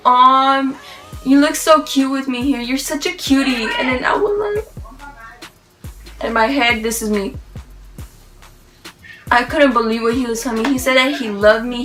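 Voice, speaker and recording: A woman's voice: sits high, normal speed, over music, poor audio. A woman vlogger telling a rambling, gushing story in a casual way, full of "like" and restarts. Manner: excited, rambling, gushing, heavy use of "like".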